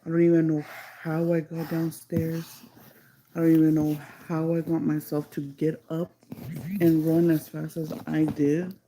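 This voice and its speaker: A woman tells a story on a livestream in a very dark, mellow voice with a gravelly edge. Her delivery stays flat in pitch, and she rambles with constant "like" and bits of Spanish. She drags some words out slowly when stressing them. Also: slight background noise, poor audio. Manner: rambling, heavy use of "like", slips into Spanish. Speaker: livestreamer telling a ghost story.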